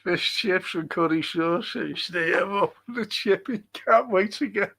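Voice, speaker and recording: A man's voice: high voice, measured pace, vocal fry, pushed and bright, husky. A middle-aged man, hosting a casual football livestream and answering viewer comments bluntly, swearing often. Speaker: football podcast host.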